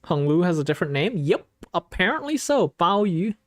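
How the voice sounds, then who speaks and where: A medium-pitched, very animated voice, fairly quick, recorded dry with clean studio sound. A streamer chats casually through a story game in let's-play fashion, thinking aloud and laughing between lines as faint game music plays behind.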